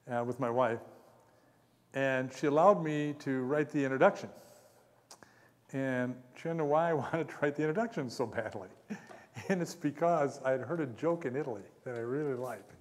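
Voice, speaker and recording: A man's voice: medium pitch, big-room sound. A man giving a conference lecture, rambling between asides and chuckling at his own stories. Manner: rambling, chuckles often, self-deprecating.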